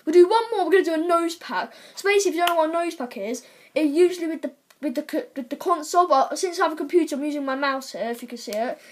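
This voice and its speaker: A teenage girl chats her way through a card-pack-opening vlog, excitable and quick to exclaim at each result. Her voice sits high. She talks into a computer microphone in a room at home. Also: slight background noise. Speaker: vlogger. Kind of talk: casual pack-opening commentary.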